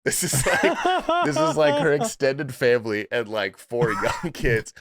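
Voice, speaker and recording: A man hosting a podcast, telling a story in animated, laughing, profane casual chat. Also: mid-range voice, measured pace, creaky. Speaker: podcast host.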